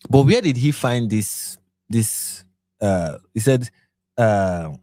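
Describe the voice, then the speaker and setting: A man's voice: on the low side, lively intonation, slow, mellow. A man from Nigeria hosting a late-night commentary livestream, tired and yawning, pressing his points with repeated rhetorical questions. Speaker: livestream host.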